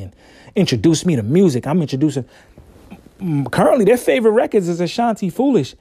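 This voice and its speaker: Man, podcast host, gravelly voice, dry close sound, laid-back slangy chat. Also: a little high, mellow, no echo. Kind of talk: casual solo podcast monologue.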